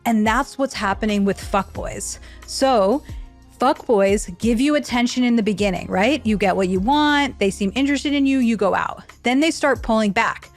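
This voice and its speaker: Woman, dating-advice explainer, earnest teacherly delivery, fairly high voice. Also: normal speed, faint music behind.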